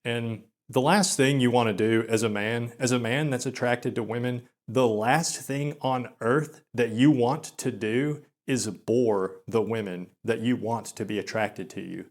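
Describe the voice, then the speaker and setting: Young man, monotone, slow, filler words, small stutters, mid-pitched voice. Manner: slow, flat delivery with many filler words; frequent quick stutters. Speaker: channel host. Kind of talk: self-deprecating vlog monologue.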